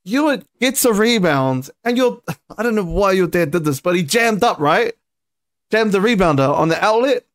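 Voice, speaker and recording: A man hosting a podcast, telling a story in a casual, animated way with lots of swearing and laughter. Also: sits high, moderate pace. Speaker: podcast host. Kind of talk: casual chat.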